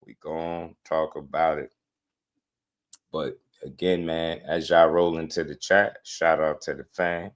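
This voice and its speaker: A man hosting a casual boxing livestream, slangy and excitable, laughing often as he talks to his chat. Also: rumbling low, a little slow.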